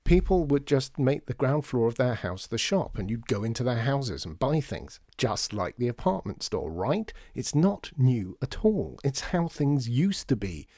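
A man voicing an eager, thoughtful man thinking out loud in a storybook reading. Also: mid-range voice, very animated, a little slow, hardly any pauses, no room sound, studio quality.

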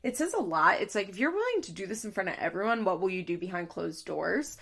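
A woman's voice: medium pitch, big pitch swings, quick pace, gravelly, fairly bright tone. A woman chatting casually and giving strong opinions while recapping a reality show, slipping into other voices for quotes. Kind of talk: casual chat.

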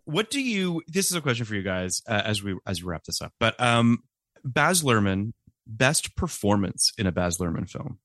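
A man's voice: lowish voice, sing-song, moderate pace, fairly bright tone, no echo. A man hosting a casual podcast chat, talking in a rambling, hesitant way and laughing often. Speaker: podcast host.

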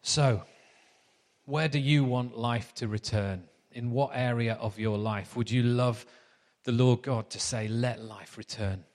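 A man's voice: mid-range voice, steady tone, measured pace, darkish tone, long reverb tail. A man preaching a sermon in a chatty, anecdotal storytelling manner.

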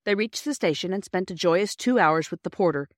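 A woman narrating a classic children's storybook in a measured, clear reading. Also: on the low side, animated, no echo, studio quality. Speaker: audiobook narrator.

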